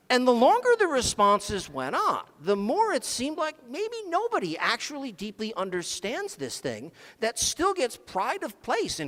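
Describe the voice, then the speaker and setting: Man, conference speaker, sarcastic humor, high bright-pitched voice, long hall reverb. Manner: sarcastic, dry jokes. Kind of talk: comedic technical talk.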